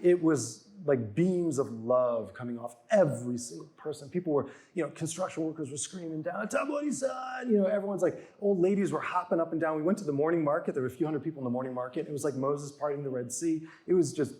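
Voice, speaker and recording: Speaking quickly with few pauses, a man in his forties uses a fairly high, dark-toned voice. He's a guest author telling stories in casual chat, and he raises his voice to act out quotes.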